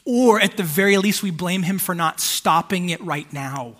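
A man's voice: sits high, normal speed, fairly bright tone. A man in his thirties preaching a sermon in a casual, conversational way, with fillers and asides to the congregation. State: emotional, holding back tears. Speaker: pastor.

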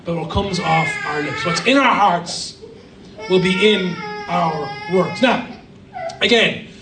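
A man's voice: high voice, slow, reverberant, far from the mic, background noise. A man preaching a sermon as a guest pastor, emphatic with humorous asides. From Ireland. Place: church hall.

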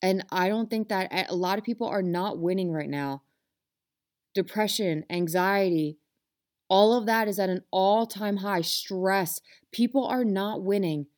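Woman host, motivational talk, earnest and passionate, mid-pitched voice, addressing listeners directly. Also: a little slow, a little mellow. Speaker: self-help podcast host.

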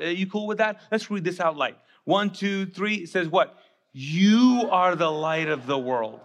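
High-voiced man preaching a lively sermon. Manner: animated, conversational preaching with acted-out asides. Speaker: pastor. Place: church sanctuary.

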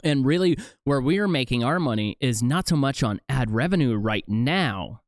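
A man chatting on a podcast in a lively, rambling way, his voice smooth and resonant. He stumbles and restarts often. The sound is close and dry, with no room echo. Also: mid-range voice, normal speed. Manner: animated, stumbling restarts and many "like"s. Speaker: podcast host. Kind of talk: casual podcast chat.

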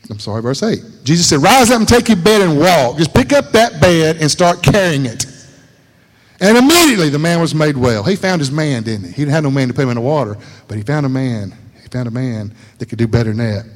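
A man preaching a sermon in a folksy, animated way, repeating lines for emphasis. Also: medium pitch, fairly quick. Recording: reverberant hall.

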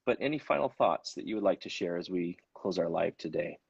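A man's voice: sits low, lively intonation, a little fast, gravelly, slight background noise. A man from Hawaii hosting an Instagram Live interview, emotional and effusive in his thanks. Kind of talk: casual interview chat. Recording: dull lo-fi livestream audio.

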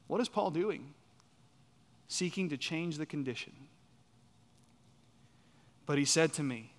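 A man preaching a sermon, emphatic, repeating key phrases and swinging from loud to soft. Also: fairly high pitch, unhurried, pauses often. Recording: reverberant hall.

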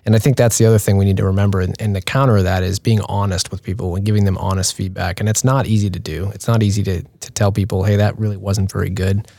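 A man who leads instructor pilots, giving direct, brisk advice in a roundtable talk. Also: sits low, little pitch movement, warm tone, dry recording.

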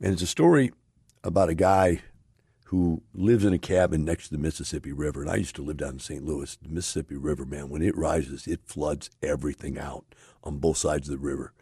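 Gravelly-voiced man, folksy motivational talk. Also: rumbling low, fairly even intonation, brisk, warm tone, no room sound, clean studio sound. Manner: folksy, emphatic, rises to passionate urging. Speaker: host.

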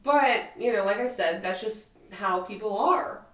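A woman's voice: medium pitch, unhurried, fairly bright tone, recorded from a distance. A woman in her twenties co-hosting a podcast, talking bluntly and emphatically with plenty of swearing. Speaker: podcast co-host. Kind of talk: casual chat. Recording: roomy sound, a bit off-mic.

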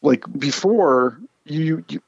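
A man, a comic artist, telling animated anecdotes in casual conversation and acting out the people he quotes. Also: on the high side, slow pace, creaky, husky, no echo, lo-fi sound. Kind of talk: casual storytelling.

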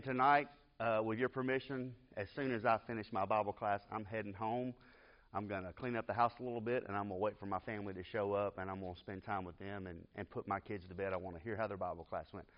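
A man teaching a church Bible class, telling a personal family story in an earnest, emotional, conversational way. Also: mid-range voice. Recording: dull lo-fi class recording.

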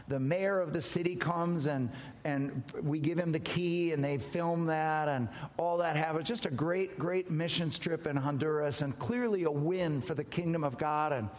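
A man preaching a sermon as a story, animated and acting out the dialogue. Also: moderate pace, big-room sound. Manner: animated, wide swings in pitch and loudness, acts out dialogue. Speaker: pastor.

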